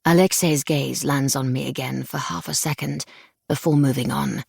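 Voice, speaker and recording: Audiobook narrator, woman, measured first-person read, husky, gravelly texture, dry booth. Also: very deep voice, fairly even intonation, a little mellow, no echo. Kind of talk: scripted narration. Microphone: close studio mic.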